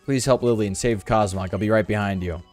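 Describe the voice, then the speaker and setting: A man reading the lines of a brooding teenage boy rival from a game, terse and low-key. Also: fast, a little mellow, soft background music, close to an everyday voice. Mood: resolute. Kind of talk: reading game dialogue aloud.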